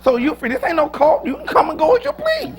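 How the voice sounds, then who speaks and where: A pastor preaching a sermon in a joking, lively manner, with sudden loud, high bursts. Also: male voice, quick pace, a faint crowd. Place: church.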